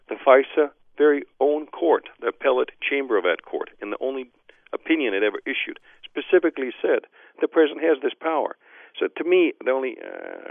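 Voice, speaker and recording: A man's voice: medium pitch, creaky, dry recording. A man speaking as a legal expert guest in a phone-in interview, arguing emphatically and dismissively, with frequent restarts. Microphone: telephone. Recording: tinny phone line.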